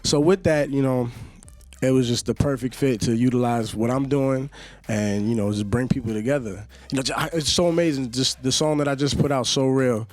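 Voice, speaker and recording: Speaking briskly in a darkish, mid-pitched voice, a young singer and Vine creator from Yonkers chats loosely as a radio guest, his easygoing rambles sprinkled with "you know." The recording has no room sound.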